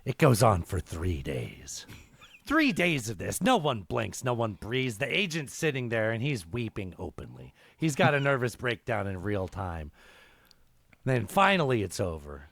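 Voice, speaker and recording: A man putting on a raspy, gravelly comedian voice to tell a long, filthy joke with dramatic, halting repetitions. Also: on the low side, wildly swooping pitch, fairly bright tone, no echo, full character voice. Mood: gleeful storytelling. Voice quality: gravelly at times. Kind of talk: impression while telling a joke.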